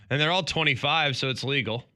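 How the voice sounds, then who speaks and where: A man co-hosts a morning sports radio show in a dry studio. His voice sounds sharp and very bright, and he trades deadpan one-word jabs and quick laughs with his partner. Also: fairly high pitch, no room sound. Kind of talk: casual sports talk.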